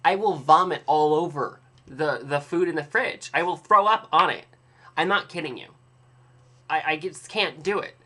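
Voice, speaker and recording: A man's voice: fairly high pitch, normal speed, sharp tone. A young man rambling in a casual video diary, telling an exaggerated, dramatic story with playful self-mockery. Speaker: vlogger.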